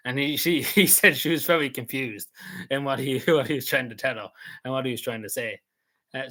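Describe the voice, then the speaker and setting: A man's voice: medium pitch, pushed and bright. A man, casually recapping an event he attended, rambling and repeating himself with many fillers. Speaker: vlogger.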